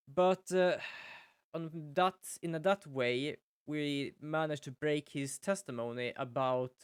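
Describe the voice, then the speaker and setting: A man's voice: mid-range voice, smooth, no room sound, studio quality. A young man casually commenting on his gameplay while streaming, chatty, rambling and self-deprecating.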